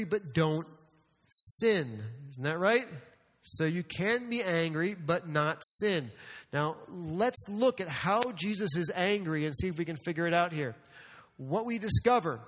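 High-voiced pastor preaching in a reverberant hall. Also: male voice. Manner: animated, rising to emphatic outbursts. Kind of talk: sermon. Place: church sanctuary. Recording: long reverb of a church hall.

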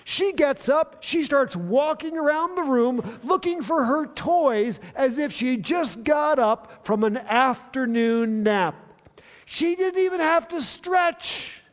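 A man preaching a sermon as a pastor, telling the story in an animated way that swells with excitement. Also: high-pitched, long reverb tail.

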